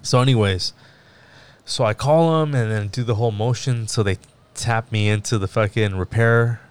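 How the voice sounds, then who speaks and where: A man co-hosting a casual podcast, with a lower voice that stays smooth and clear. He tells the story in an animated, profane way, with frequent laughs. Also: normal speed. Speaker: podcast co-host.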